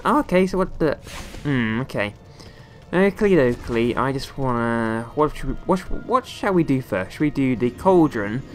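A young man chats through a video game in a playful, rambling way. His pitch bounces around a lot, and he often breaks into squeaky high exclamations. Faint background music plays under his voice. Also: animated, normal speed. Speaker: gaming YouTuber. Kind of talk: let's play commentary.

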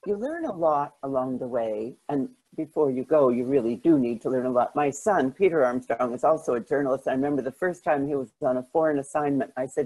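Husky older woman telling stories. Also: a bass voice, brisk, hardly any pauses, poor audio. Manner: lively anecdotes, frequent restarts and self-deprecating laughs. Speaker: guest, journalist. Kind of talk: storytelling interview answers.

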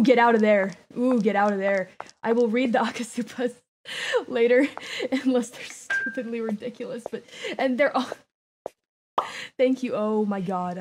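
A woman streamer chatting slowly with a somewhat high voice, flustered and laughing, thanking viewers between bursts of protest. A faint hiss sits under the voice. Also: a little mellow. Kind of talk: live gaming stream chat.

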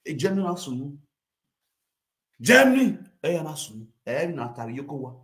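A man with a Nigerian accent telling a comic rant, animated, mixing Pidgin and local languages and bursting into shouts. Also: a little high, a little fast. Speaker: comedic storyteller. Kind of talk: comic rant sharing gossip. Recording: roomy echo.

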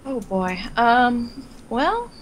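A woman's voice: fairly high pitch, drawn-out words, a little hiss or hum. A woman, a guest on a chat podcast, telling stories with laughter and acting out what she thought. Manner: lively, laughing, acts out her own thoughts. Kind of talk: casual storytelling chat.

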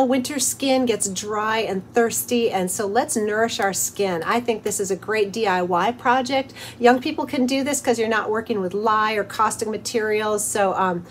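A woman's voice: fairly high pitch, a little hiss or hum. A middle-aged woman hosting a home craft tutorial, chatty and cheerful, talking through each step as she works. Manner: cheerful and chatty, with soft laughs. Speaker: host of a soap-making channel.

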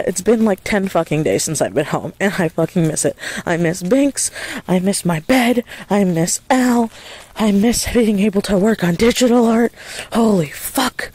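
A woman vlogging in casual chat, rambling and swearing freely, speaking in a soft hushed voice outdoors at night while walking a dog. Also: medium pitch.

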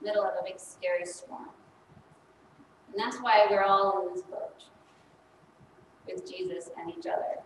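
A woman's voice: mid-range voice, far from the mic, background noise. Chatty woman priest in an echoey church. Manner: chatty, asks the congregation questions. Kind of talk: children's sermon. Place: church sanctuary.

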